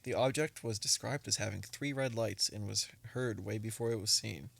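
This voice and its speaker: A man's voice: fairly low pitch, moderate pace, vocal fry, no echo. A young man hosting a casual podcast, joking and reading reports aloud to his friends. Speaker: podcast host.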